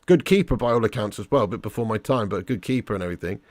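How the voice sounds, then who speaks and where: A man hosting a live football watch-along, excitable and sweary, reading out fan messages and calling listeners lad and mate. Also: on the low side, rapid-fire.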